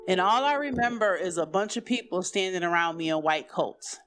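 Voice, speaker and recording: Woman, casual personal testimony. Conversational and filler-heavy, pitch rises sharply on quoted lines. Soft music bed. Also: lively intonation, fairly quick. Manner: conversational, many "you know" and "like" fillers. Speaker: guest telling her life story. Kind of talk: personal storytelling.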